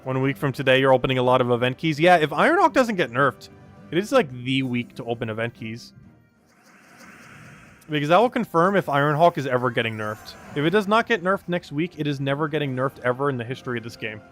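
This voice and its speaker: A man's voice: medium pitch, lively intonation, quick pace, a bit bright, soft background music. A man streaming a game live, chatting casually, reading and greeting chat, and laughing often.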